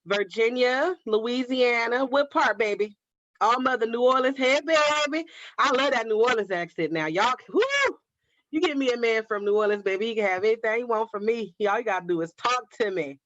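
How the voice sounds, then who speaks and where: On a craft livestream with dry, slightly dull audio and no room sound, a woman from Oakland, California, reads viewer comments and chats casually, calling folks "baby" and "girl." She talks a little fast, with a slightly high voice and a fairly bright tone.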